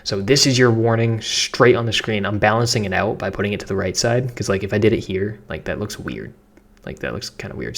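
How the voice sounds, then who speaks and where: Chatty Boston man with a low voice. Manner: chatty, keeps asking "right?", slangy. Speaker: social media content creator. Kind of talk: casual how-to tutorial.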